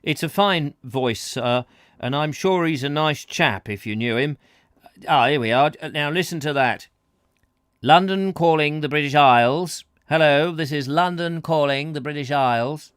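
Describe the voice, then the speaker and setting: A man's voice: on the high side, measured pace, a bit bright, clear, resonant tone, no echo, studio quality. A man voicing a friendly, eager young farmer with a homely rural way of talking, in a storybook reading.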